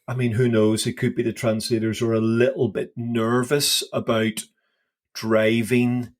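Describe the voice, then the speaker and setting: A man's voice: medium pitch, level tone, unhurried. Enthusiastic man musing on scripture. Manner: enthusiastic, repeats words as he thinks aloud. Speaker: podcast co-host. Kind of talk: casual Bible discussion.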